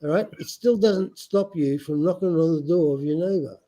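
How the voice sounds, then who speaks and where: Lecturing man with a non-American accent, pushing his point; mellow, slightly higher voice. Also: normal speed. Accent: non-American English. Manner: insistent, lecturing, repeats points. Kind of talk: heated casual argument.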